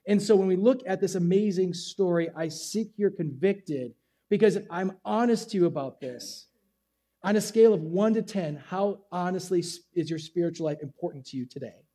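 Guy pastor giving a sermon, talks casual and pokes fun at himself, kinda high mellow voice. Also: normal speed. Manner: casual, self-deprecating preaching with acted-out asides. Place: church.

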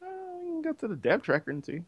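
A man's voice: high voice, wildly swooping pitch, fast talker, breathy edge, highs cut off. A man co-hosting a casual gaming podcast over a video call, making dry quips. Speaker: podcast co-host.

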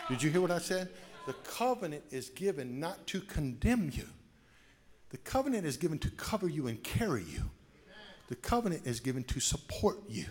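A man pastor preaching a sermon with call-and-response, dropping soft then rising to shouts. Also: on the high side. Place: church sanctuary.

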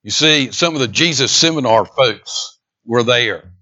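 A man's voice: mid-range voice, expressive, dull audio. Emphatic male pastor preaching. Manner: emphatic, dramatic pauses, swings between loud and hushed. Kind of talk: sermon. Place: church sanctuary.

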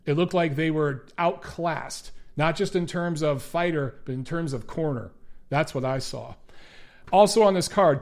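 Male host, high voice, casual profane commentary with Q&A. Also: vocal fry. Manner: blunt, profane, chatty. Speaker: boxing show host.

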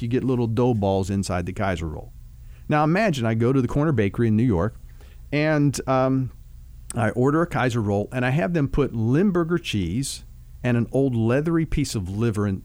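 A man who works as a marriage counselor, explaining relationship advice in a relaxed, folksy storytelling way with vivid food analogies. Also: mid-range voice, dry recording. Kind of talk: conversational teaching on a talk show.

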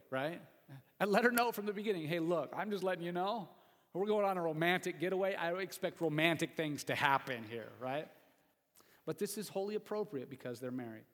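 Man preaching in a reverberant hall. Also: medium pitch. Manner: conversational preaching with jokes and asides to the congregation. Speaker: pastor. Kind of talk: sermon. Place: church sanctuary.

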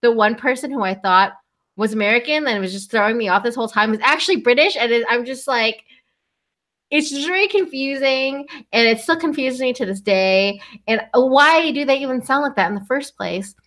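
A woman's voice: on the high side, normal speed, fairly bright tone. A woman co-hosting a casual podcast, rambling and giggling through a rant, with lots of "like" and the odd swear word. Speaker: podcast co-host.

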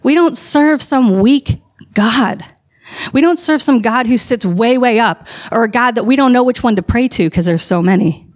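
A woman's voice: on the high side, expressive, normal speed. A woman preaching a sermon, telling a story with building passion and emphatic calls to her listeners.

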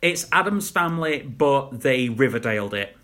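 A man's voice: mid-range voice, expressive, moderate pace, fairly bright tone. A young man co-hosting a podcast, chatting casually and rambling about shows, laughing at his own jokes. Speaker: podcast co-host. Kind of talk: casual chat reviewing shows.

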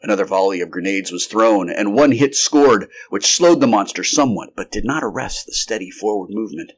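A man reads an old science fiction story aloud in an unrehearsed, live take. His voice sits low. Now and then he trips and restarts a sentence, then carries on with the telling. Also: lively intonation, brisk. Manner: occasional restarts mid-sentence. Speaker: amateur audiobook narrator.

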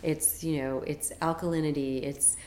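A low-voiced woman speaking as a health coach guest on a podcast. She is chatty and enthusiastic, full of ums and likes. The room sounds echoey, with faint ambience behind her. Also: steady tone, normal speed, a little mellow, slight background noise. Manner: chatty, enthusiastic, many fillers. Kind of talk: casual interview chat.

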